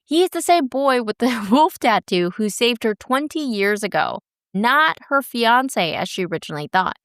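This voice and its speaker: A woman's voice: a little high, very animated, moderate pace, fairly bright tone, no echo, studio quality. A woman co-hosting a podcast, recapping a drama in casual chat with a wry, chatty manner. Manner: chatty, wry, laughs often. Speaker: podcast co-host.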